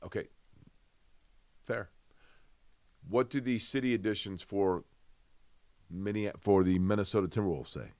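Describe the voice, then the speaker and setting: Lower-voiced male sports talk co-host. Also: a little slow, pauses often, a little mellow, no echo. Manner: conversational, rhetorical questions, mock grumbling. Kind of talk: casual sports chat.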